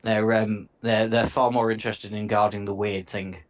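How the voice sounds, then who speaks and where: A man's voice: on the low side, little pitch movement, moderate pace. A man narrating a tabletop game as game master, casual and easygoing.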